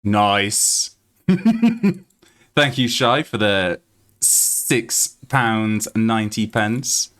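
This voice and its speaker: Streaming a game live, a British man with a lowish voice draws out his words as he plays and talks to viewers. He's excitable, laughing often and swearing freely.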